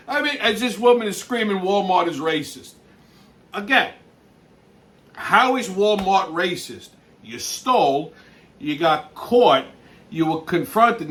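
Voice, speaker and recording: A man's voice: sits high, fairly bright tone, far from the mic. A man hosting a show, ranting with lots of profanity and exasperation about a video clip, laughing in between. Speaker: host.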